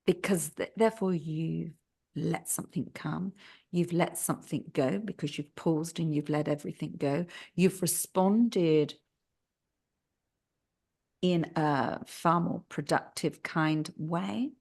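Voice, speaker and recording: A woman co-hosting a mindfulness chat, giving gentle coaching advice and checking in with "right?" and "yeah?". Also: low voice, fairly even intonation, unhurried, creaky, breathy edge. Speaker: podcast co-host. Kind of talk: casual chat.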